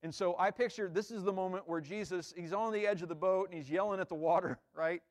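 A fast-talking pastor with a high voice delivers his sermon conversationally, frequently adding "right?" When quoting the disciples, he acts out their lines with mounting emphasis.

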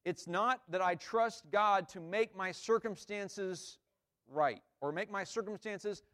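In a high-pitched, fairly bright voice, a pastor preaches slowly and conversationally, often checking in with "right?" He acts out quoted lines from the disciples with rising emphasis.

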